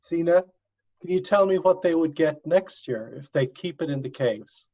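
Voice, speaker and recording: A man's voice: a little high, lively intonation, normal speed, mellow. Man teaching class over a dull video call. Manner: coaxing, walks students through step by step. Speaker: university finance professor. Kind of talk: online class lecture.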